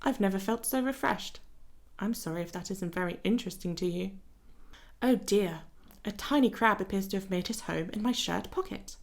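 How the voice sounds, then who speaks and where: Woman voicing a dreamy young male writer, put-on British accent, flowery and self-deprecating, plain mid pitch. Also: normal speed, gravelly, close to an everyday voice. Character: whimsical, old-fashioned young male writer.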